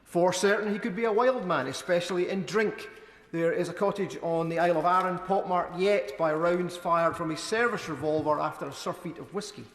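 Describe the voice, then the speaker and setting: A man's voice: sits high, fairly bright tone. Man speaking in an echoing debating chamber. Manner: wry, measured oratory. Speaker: member of parliament. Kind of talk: parliamentary debate speech. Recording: echoey chamber, long reverb.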